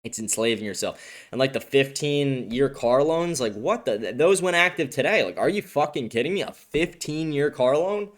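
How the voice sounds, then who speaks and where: A young man hosts a livestream and rants in angry, profane bursts. His throat is a little sore, and his voice sits at an ordinary middle pitch. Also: lively intonation, normal speed. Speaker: host. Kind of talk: livestream political commentary.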